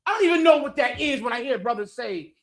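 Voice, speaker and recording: A man's voice: very high-pitched, animated, quick pace, a bit bright, rough recording. A man preaching on a livestream in a blunt, crude, joking way. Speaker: preacher and teacher. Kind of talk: brash livestream street-preaching.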